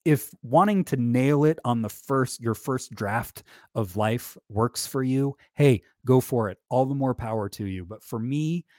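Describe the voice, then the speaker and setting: At a slightly slow pace, a medium-pitched man with a darkish tone gives a casual podcast monologue on faith. Conversational and candid, he pokes fun at himself, chuckles often, and restarts sentences with plenty of fillers, in clean studio sound with no room sound.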